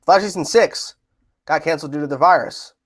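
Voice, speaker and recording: A man chats casually on a livestream, answering viewer questions. His voice sits a little high for a man. He laughs often and tends to repeat his phrases. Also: brisk. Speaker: livestream host.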